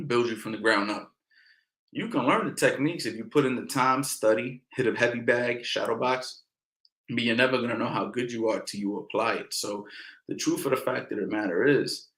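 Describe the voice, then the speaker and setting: A man coaching boxing in a casual question-and-answer session, talking in a relaxed way and often adding "you know" and "man". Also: mid-range voice, echoey room, low-quality recording. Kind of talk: casual Q&A instruction.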